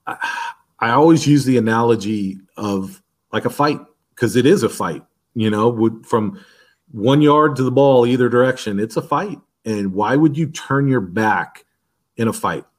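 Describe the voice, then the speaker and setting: A man's voice: mid-range voice, animated, moderate pace. A man who coaches defensive line, talking casually on a podcast and walking through technique step by step, often restarting his sentences.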